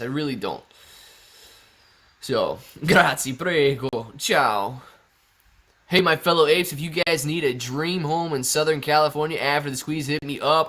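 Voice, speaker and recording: A man's voice: fairly high pitch, a bit bright. A man hosting a casual livestream Q&A, reading viewers' comments aloud and answering in a chatty, laid-back way. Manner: chatty, laid-back, often laughing, says "man" and "bro". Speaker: stock livestream host reading chat.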